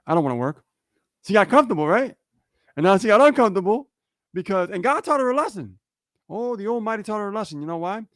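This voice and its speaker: Animated storytelling man, slightly high voice. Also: no echo, clean studio sound. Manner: animated storyteller, keeps checking in with "okay?" and "right?". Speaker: livestream co-host. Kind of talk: casual motivational talk.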